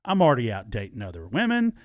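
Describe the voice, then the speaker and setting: Middle-aged man, animated storyteller with a lively pitch, dry podcast mic. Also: quick pace, dry recording. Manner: animated, acts out quoted dialogue, swears freely. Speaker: podcast guest telling his story. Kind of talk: casual storytelling, podcast chat.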